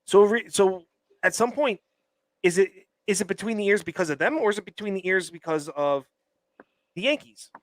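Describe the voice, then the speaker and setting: A man's voice: sits high, animated, normal speed, no echo. A man co-hosting a sports podcast, arguing his points emphatically with frequent restarts. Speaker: podcast co-host. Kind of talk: casual sports chat.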